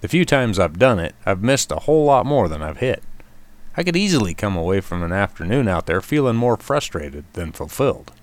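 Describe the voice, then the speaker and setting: Lively low-voiced male radio host. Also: fairly quick, no echo. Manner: wry, self-deprecating. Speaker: radio outdoors segment host. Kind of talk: scripted radio commentary.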